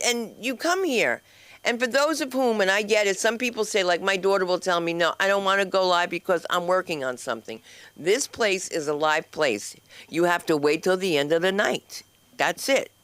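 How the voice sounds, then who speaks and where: A woman's voice: sits low, fairly bright tone, no echo. A woman hosting an open mic at a comedy club, doing brash, chatty stand-up and teasing the audience. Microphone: handheld microphone.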